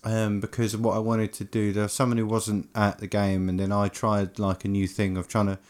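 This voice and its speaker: A man co-hosting a casual podcast about tabletop games, talking in a relaxed, agreeable way with fillers. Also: lowish voice, brisk. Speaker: podcast co-host and game master.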